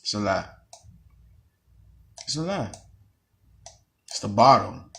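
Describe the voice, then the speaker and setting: A man's voice: lowish voice, big pitch swings, slow, creaky, pushed and bright, husky. A man from the United States ranting heatedly in a casual vlog, swearing often and repeating himself as he explains his point. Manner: heated, profane, repetitive. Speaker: vlogger.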